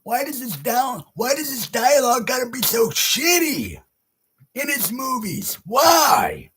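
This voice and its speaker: A man ranting loudly in a horror movie review video, often shouting and swearing. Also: extremely high pitch, sing-song, a little slow, a little hiss or hum. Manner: loud, profane, often shouting.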